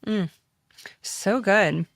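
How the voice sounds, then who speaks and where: A woman's voice: medium pitch, very slow, creaky, fairly bright tone, no echo, clean studio sound. A woman podcast host asking her guest questions and reading a passage aloud. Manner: asks questions, reads aloud from a book. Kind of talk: interview conversation.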